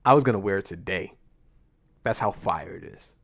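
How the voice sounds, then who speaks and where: A man's voice: low-pitched, moderate pace. A man from Boston, co-hosting a podcast, telling a story in casual chat and acting out the dialogue with plenty of swearing. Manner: animated storyteller, acts out dialogue, swears freely. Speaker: podcast co-host.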